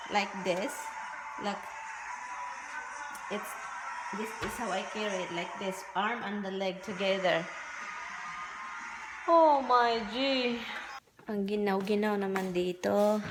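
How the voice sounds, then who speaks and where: A woman from the Philippines vlogs casually at home while the house is being painted, talkative, exclamatory and laughing at herself. Her pitch is medium, and the background is noisy.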